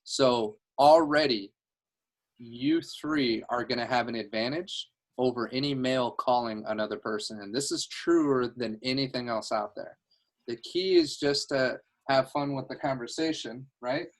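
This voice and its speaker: A man's voice: medium pitch, a little slow. A man coaching a sales team on a video call from home, upbeat, laughing easily and restarting his phrases, talking into a headset.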